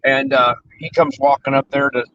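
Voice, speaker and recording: A man's voice: mid-range voice, flat delivery, moderate pace, a bit bright, no room sound. A man telling a casual, rambling story with many fillers on a talk show. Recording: dull with faint noise.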